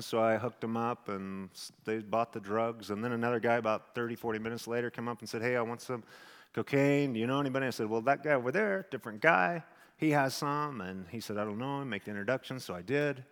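A man's voice: medium pitch, fast, clean tone. Man pastor telling his testimony in a hall. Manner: animated storytelling, swings from hushed to near shouting. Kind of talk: sermon testimony. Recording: long hall reverb.

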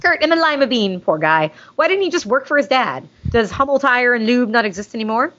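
A woman's voice: on the high side, animated, brisk, fairly bright tone. A woman hosting a podcast, chatting casually and gushingly, with jokey asides. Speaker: podcast host reading listener mail. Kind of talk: casual fan chat. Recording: dull lo-fi sound.

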